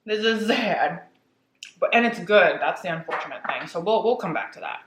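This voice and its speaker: A woman's voice: lowish voice, moderate pace, roomy sound, slight background noise, rough recording. A woman vlogger who eats on camera while she chats her way through a spooky story. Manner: chatty, animated retelling. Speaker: vlogger telling a horror story. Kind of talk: casual storytelling while eating.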